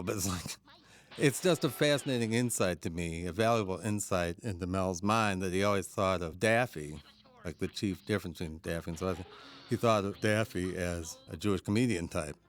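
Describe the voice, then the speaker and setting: A man's voice: deep voice, fairly quick. A man giving a chatty DVD audio commentary as a film historian, chuckling often as he explains. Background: faint cartoon soundtrack.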